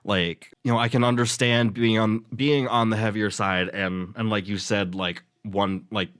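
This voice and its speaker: Low-voiced man, rambling podcast co-host. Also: fairly even intonation, moderate pace, fairly bright tone, no room sound, studio quality. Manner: rambling, many fillers, swears casually. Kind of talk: casual chat.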